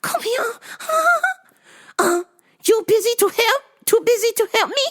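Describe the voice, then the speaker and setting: A woman voicing a rude, demanding older female store customer, shrill and whiny with giggles. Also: measured pace.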